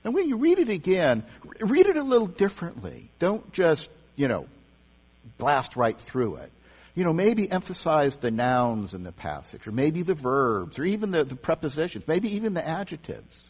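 Leading a service on the topic of meditation, a man preaches conversationally, frequently repeating words and starting phrases over. He has a husky, fairly high voice with huge pitch swings and a moderate pace. The audio sounds dull and lo-fi, carrying mains hum and a long hall echo.

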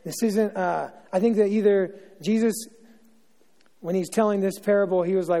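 A man's voice: high-pitched, moderate pace, dark tone. A middle-aged male pastor giving an informal, joking sermon, chatty and full of asides and self-interruptions. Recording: long reverb of a large hall.

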